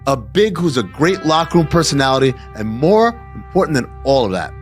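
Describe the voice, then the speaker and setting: A man co-hosting a casual sports chat, animated and sarcastic, ranting as he goes. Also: mid-range voice, fairly quick, faint music behind. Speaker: co-host.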